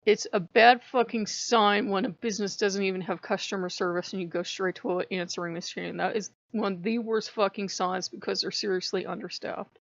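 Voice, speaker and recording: A fed-up woman rants straight into the camera in a casual vlog, cursing freely. Her mid-pitched voice carries a gravelly fry. The sound is dry and slightly dull, like a lo-fi home recording. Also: steady tone, fairly quick, hardly any pauses, no room sound. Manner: profane, exasperated venting. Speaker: vlogger.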